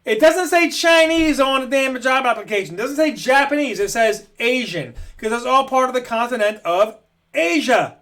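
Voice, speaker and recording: Man, very high voice, blunt emphatic rant, repeats his points. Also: expressive, moderate pace, a bit bright. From United States. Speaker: home school dad vlogger. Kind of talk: opinion rant to camera.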